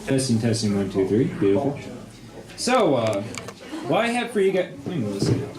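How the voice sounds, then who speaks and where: A man's voice: medium pitch, sing-song, moderate pace, very noisy. A man at an open mic casually reciting a humorous poem with an amused delivery. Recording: echoey cafe room.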